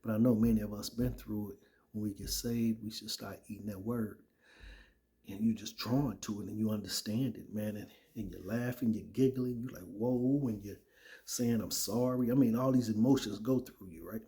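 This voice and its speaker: Male, casual testimony-style storyteller, lowish mellow voice, conversational. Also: fairly even intonation, normal speed. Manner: conversational, repeats "right?" and "man". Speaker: former soldier sharing his testimony.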